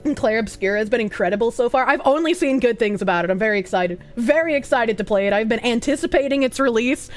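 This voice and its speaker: A woman's voice: on the high side, expressive, fast talker, hardly any pauses, faint music behind. A woman streamer with a Boston accent, chatting bluntly and casually with her viewers, swearing often and breaking into laughs.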